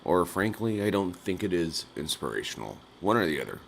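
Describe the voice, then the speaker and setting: A man's voice: low voice, big pitch swings, a little fast, creaky, hardly any pauses, fairly bright tone. A man hosting a nightly call-in livestream, rambling through absurd jokes and laughing at his own bits. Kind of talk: rambling absurdist live-stream chat.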